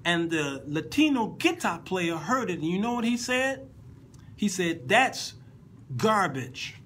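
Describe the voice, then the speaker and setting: A man's voice: high-pitched, very animated, a little slow, fairly bright tone, a little hiss or hum, rough recording. A man hosting an informal Sunday school Bible lesson in a conversational way, often repeating and restarting words and making playful asides to his listeners.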